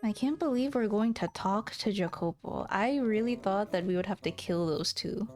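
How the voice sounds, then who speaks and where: A woman's voice: mid-range voice, darkish tone, faint music behind. A young woman streaming a visual novel, chatting casually in a bubbly, giggly way. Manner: bubbly, giggly, drawn-out playful exclamations. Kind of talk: casual chat while playing a visual novel.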